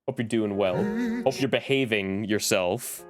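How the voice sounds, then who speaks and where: A man's voice: lowish voice, a little slow, music in the background. A man streaming live in casual chat, greeting viewers by name as he talks.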